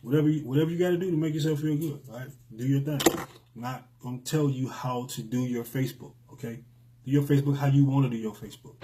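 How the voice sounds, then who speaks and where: A man's voice: medium pitch, fast, dark tone, a little hiss or hum, low-quality recording. A middle-aged man, hosting a motivational live stream in an emphatic, preachy way and repeating lines for effect.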